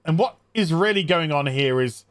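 A man's voice: on the high side, expressive, moderate pace, no room sound. A man sarcastically recapping a bad movie for laughs, putting on silly voices for its characters. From England. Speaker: movie reviewer.

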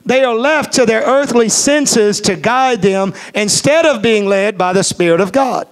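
A man preaching a sermon as pastor, talking emphatically and repeating key phrases. He slows to a measured, deliberate cadence when running through a list. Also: high voice.

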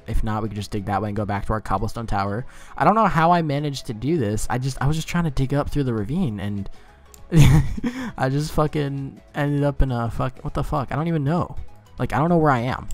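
A man giving casual gameplay commentary, rambling and swearing freely as he gets flustered. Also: mid-range voice.

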